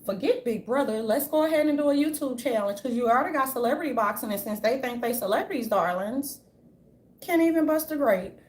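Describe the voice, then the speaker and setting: A woman's voice: a little high, a little fast, darkish tone. Blunt, profane woman ranting in a roomy space. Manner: blunt, profane, rambling, with many restarts. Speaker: vlogger. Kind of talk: casual opinion rant. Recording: roomy echo, faint ambience.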